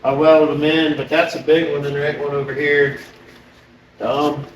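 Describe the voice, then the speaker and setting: A man's voice: a little high, completely flat delivery, moderate pace. A man in his forties from Ohio, chatting casually and joking while working in his shop. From Ohio, USA. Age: 40s. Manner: joking, rambling. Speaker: vlog co-host, shop worker. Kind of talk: casual chat. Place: workshop. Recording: roomy, far from the mic, faint background noise.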